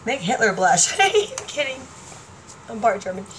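A woman vlogger talking casually to camera, chatty and excitable, laughing often. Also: medium pitch, moderate pace, slight background noise, rough recording. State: partially deaf.

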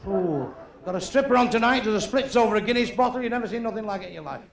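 A man's voice: sits high, expressive, gravelly. A middle-aged man with a Manchester accent doing a crude, brash stand-up routine on a live stage. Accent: Northern English, Manchester. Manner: crude, brash joke-telling with quick asides. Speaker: stand-up comedian. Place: live club or theatre stage. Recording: roomy live venue with crowd. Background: audience laughter.

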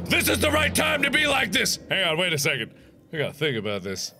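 A young man in his twenties doing let's play commentary, loud, theatrical and jokey, often breaking into shouts. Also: high voice, huge pitch swings, brisk, gravelly, husky, soft background music. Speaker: gaming host.

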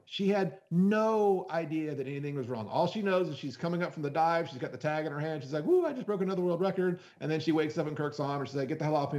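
A man who is a freediving instructor, talking as a podcast guest in a casual, animated way, often restarting and acting out quoted voices. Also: on the high side, muffled recording. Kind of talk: casual explanatory podcast talk.

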